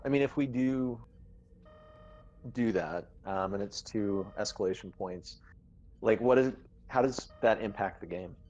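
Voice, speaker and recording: A man's voice: lowish voice, unhurried, a little mellow. A man playing a tabletop game, thinking aloud hesitantly with many fillers. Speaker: player. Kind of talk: casual tabletop game talk. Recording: muffled lo-fi recording.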